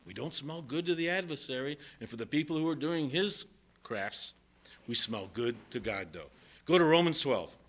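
An older male pastor preaches with a bright, animated voice that swings widely in pitch. He reads scripture and breaks into jokes along the way. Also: normal speed. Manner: lively, joking preacher reading verses. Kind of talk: sermon.

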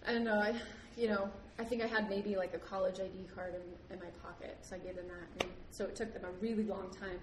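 A young woman from the United States tells a story in a casual, animated way. She laughs often and acts out the other people in it. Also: medium pitch, fast talker, hardly any pauses. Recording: roomy with background noise.

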